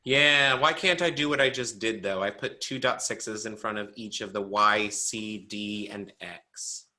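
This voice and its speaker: A man teaching a braille class online, explaining step by step in a playful, animated way and quizzing his students. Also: on the low side, measured pace.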